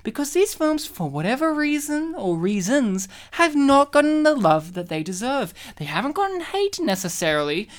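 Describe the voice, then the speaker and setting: A man's voice: extremely high pitch, big pitch swings, moderate pace, few pauses. A man co-hosting a casual film podcast, joking and rambling, swearing and laughing often. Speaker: podcast co-host.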